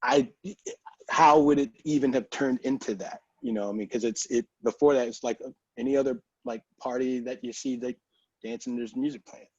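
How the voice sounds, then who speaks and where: A man from Texas tells his story as a podcast guest, casual and chatty, with frequent "like" and "you know". His voice sits at a middle pitch. The sound is dry and a little dull, like a modest lo-fi setup. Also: fairly even intonation, normal speed, a little mellow, breathy edge, no echo.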